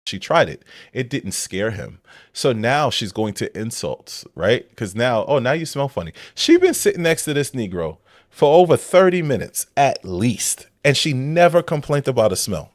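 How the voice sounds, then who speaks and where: A reaction commentator talks through a clip in casual commentary, blunt and incredulous. His sing-song voice swings widely from low to high pitch at a moderate pace, and the recording is dry with no room sound.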